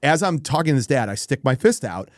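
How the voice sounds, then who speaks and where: A man's voice: mid-range voice, fast talker, no echo, clean studio sound. A middle-aged man co-hosting a podcast, telling a heated personal story in casual chat, acting out the people in it. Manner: animated, swears, acts out quoted people. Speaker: podcast co-host.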